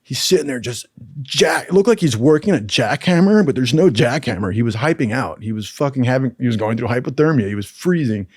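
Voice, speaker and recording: A laid-back man tells raunchy anecdotes from his military training in a relaxed, profane, chatty way. The recording is dry and close, with no room sound. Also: mid-range voice, fairly quick, slightly rough, no room sound. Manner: profane, laid-back, keeps saying "dude". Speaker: storyteller recalling military training. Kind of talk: casual crude anecdote telling.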